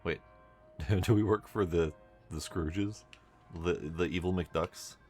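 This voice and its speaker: A man with a very low voice talks through a game at an unhurried pace. He gives wry, mumbled running commentary and reads the on-screen text aloud. Faint music plays underneath. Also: a little mellow. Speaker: streamer. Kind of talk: casual gameplay commentary.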